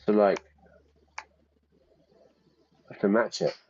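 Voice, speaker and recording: A man streaming a detective game, reading the clues aloud and reacting loudly to each twist. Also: on the low side, steady tone, racing, husky. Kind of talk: casual gameplay commentary. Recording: slightly dull lo-fi audio.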